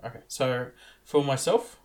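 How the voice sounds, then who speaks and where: A man's voice: medium pitch, expressive, unhurried, heavy background noise. Hesitant man playing a tabletop game. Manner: hesitant, filler-heavy, laughing. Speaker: player.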